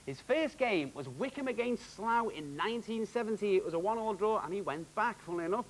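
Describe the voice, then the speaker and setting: Upbeat, lively, high-voiced male quiz host. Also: poor audio. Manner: jokey, upbeat, quick quizmaster delivery. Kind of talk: televised quiz hosting.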